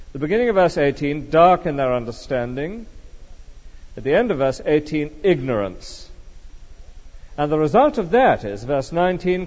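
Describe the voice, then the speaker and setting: A man's voice: a little high, a little mellow. A man preaching an expository sermon, reading Bible verses and putting questions to his congregation. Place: church. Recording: dull, long-reverb church recording.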